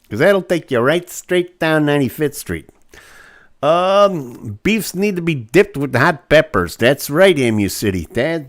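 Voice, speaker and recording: A man's voice: fairly high pitch, fairly bright tone. A man hosting a live online show, chatting casually with viewers and going off on joking, rambling rants.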